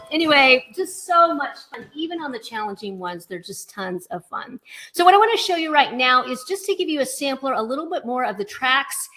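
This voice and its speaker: A woman's voice: high-pitched, lively intonation, brisk. A woman music teacher giving a webinar lesson, explaining rhythms and counting beats aloud. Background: backing music.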